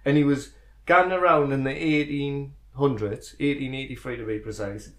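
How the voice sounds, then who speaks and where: Male podcast co-host, mid-pitched, giggly, rambling, trails off. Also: fairly even intonation, moderate pace, fairly bright tone. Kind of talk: casual banter.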